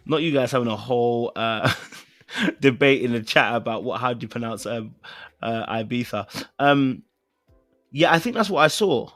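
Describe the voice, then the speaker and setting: A British man hosts a casual live-stream chat, rambling through fillers and repeated phrases and getting playfully insistent. He sits at a mid pitch on a dry, close mic. Faint music plays underneath. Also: animated, moderate pace, fairly bright tone, no echo. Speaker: podcast host.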